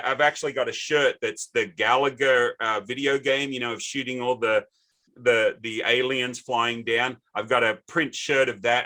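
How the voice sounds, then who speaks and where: A man's voice: medium pitch, sharp tone. A middle-aged man with an Australian accent hosting a podcast, chatty and rambling through anecdotes. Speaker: podcast host. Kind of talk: casual interview chat.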